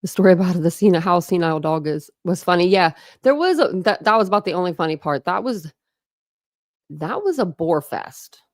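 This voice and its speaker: A woman's voice: fairly low pitch, animated, a little fast, no echo, clean studio sound. A woman hosting a casual true crime livestream, chatting, greeting viewers and laughing often from her home. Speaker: true crime channel host.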